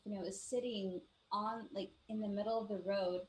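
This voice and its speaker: A Navajo Nation woman co-hosting a live podcast show tells ghost stories in a casual, animated way, acting out the voices of the people in them and using lots of "like" fillers. Her voice is medium-pitched at a moderate pace, and the recording is rough.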